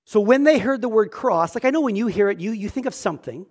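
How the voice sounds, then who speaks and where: A man's voice: high voice, animated, fast talker, a little mellow. A male pastor preaching a sermon in a church, earnest and emphatic, often repeating words as he starts a thought.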